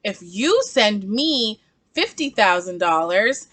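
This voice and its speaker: A woman's voice: mid-range voice, sing-song, slow pace, fairly bright tone, dry recording, exaggerated voice. A woman parodying a scammer posing as a wealthy prince, in a mock-formal tone.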